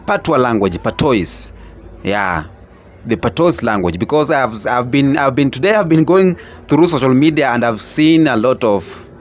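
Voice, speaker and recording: A man's voice: medium pitch, a little hiss or hum. A man hosting his channel, talking casually and rambling, often repeating himself. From Kenya. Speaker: YouTube host. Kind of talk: casual reaction commentary.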